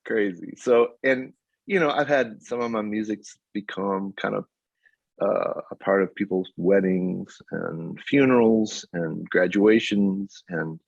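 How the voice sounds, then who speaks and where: A man in his fifties, a songwriter guesting on a casual interview, takes his time telling animated stories punctuated by frequent laughter. He has a lowish voice with vocal fry, and the dry recording sounds dull and lo-fi.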